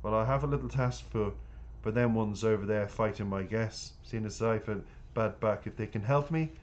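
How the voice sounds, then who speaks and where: A man's voice: on the low side, normal speed, highs cut off, natural voice. A man voicing Kitty, a sly older woman with a bad back who bargains with a smirk. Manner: smirking, wheedling.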